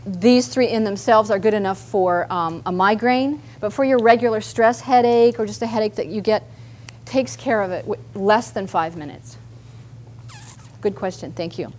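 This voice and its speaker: A woman's voice: mid-range voice, normal speed, a little mellow. A woman therapist leading a live group workshop, chatty and guiding people through simple movements. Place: meeting room with a group.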